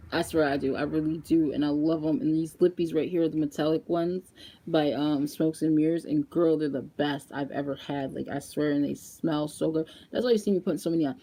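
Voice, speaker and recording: A young woman chatting casually in a makeup vlog, animated and laughing often as she talks straight to her viewers. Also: sits low, normal speed, slightly rough. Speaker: beauty vlogger.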